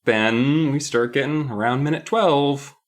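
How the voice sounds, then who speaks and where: A man's voice: mid-range voice, unhurried. A man co-hosting a podcast, recapping a book episode in a playful, rambling way. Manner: playful, rambling, often laughing. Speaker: podcast co-host.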